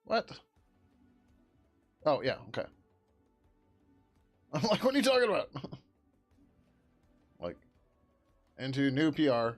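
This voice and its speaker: A man chatting casually on a live stream while he works on code, reading out and answering chat questions and laughing often. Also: medium pitch. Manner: drops into a loud joking whisper. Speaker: open-source developer streaming.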